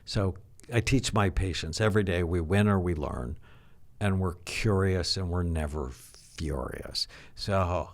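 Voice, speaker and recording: Older guy, psychiatrist on a podcast, really low voice, teacherly and animated. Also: slow. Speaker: psychiatrist guest. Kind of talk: interview conversation.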